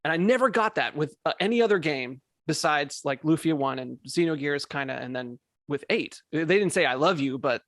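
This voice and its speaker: A man's voice: a little high, expressive, a little fast, few pauses, fairly bright tone, dry recording, clean studio sound. A man hosting a podcast, chatting casually in a rambling, emphatic way, swearing and tripping over words. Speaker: podcast host. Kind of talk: casual chat.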